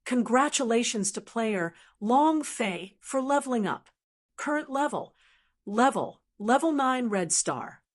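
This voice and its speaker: A woman voicing a game-style system notification in a fantasy audiobook, in a flat, announcing manner. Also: a little high, a little slow, voice pushed up.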